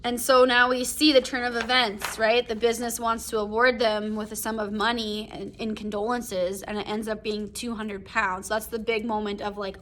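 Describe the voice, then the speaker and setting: An English teacher with a fairly high, slightly bright voice reads a short story aloud and explains it in a casual recorded lesson. Her delivery is flat, at a moderate pace with few pauses, and her explanations use fillers like "um", "like" and "right?". A little hiss or hum is audible.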